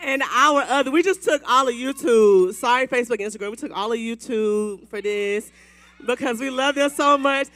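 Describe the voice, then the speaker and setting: A woman's voice: fairly high pitch, normal speed. A woman hosting a women's Bible study gathering, hyping up the audience and calling for applause. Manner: animated, hypes the crowd with whoops. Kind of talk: lively church event hosting. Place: event hall with live audience.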